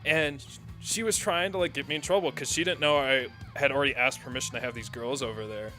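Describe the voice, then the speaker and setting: A man's voice: mid-range voice, fairly quick, pushed and bright, soft background music. A young man streaming a game, telling a rambling story with frequent laughter and casual swearing.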